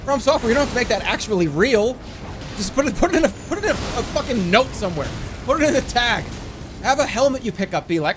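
A man in his thirties streams a game, his fairly high voice leaping all over the place. He rants and swears in exasperation, and faint game music plays behind him. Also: fast talker. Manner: exasperated, swearing, animated ranting. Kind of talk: live gaming commentary.

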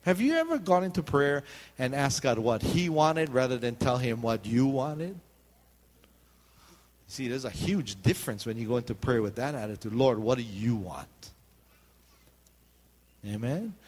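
A male pastor delivering a sermon. He jokes as he goes and keeps calling out for the congregation to answer him. His voice sits at a typical middle pitch. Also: big pitch swings, normal speed, in a large hall. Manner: joking, calls out for "amen" responses.

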